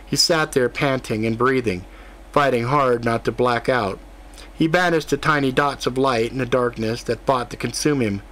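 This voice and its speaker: A man narrating a fantasy audiobook in a steady, even reading voice. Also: mid-range voice, normal speed.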